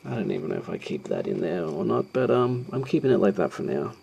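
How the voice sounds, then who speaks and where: A man hosting an art tutorial narrates as he sketches live, hesitant and rambling with many ums and self-deprecating asides. His low, gravelly voice is mellow with a breathy edge, very animated, and quick.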